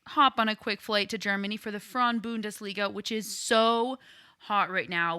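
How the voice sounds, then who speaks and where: A woman hosting a casual sports podcast, upbeat and playful. Her voice is bright and forward, recorded close and dry with no room sound. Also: medium pitch, no echo. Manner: enthusiastic, playful. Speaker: podcast co-host.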